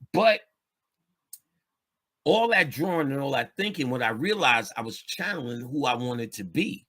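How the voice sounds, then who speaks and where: A man's voice: mid-range voice, bright, forceful tone, breathy edge. A man, telling street stories in a loose, streetwise way with plenty of swearing. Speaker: podcast guest speaker. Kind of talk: casual storytelling chat.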